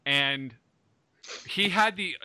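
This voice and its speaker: A man's voice: high-pitched, very slow, pushed and bright, smooth, dry recording. A man telling a teasing story about a friend in casual chat, laughing often.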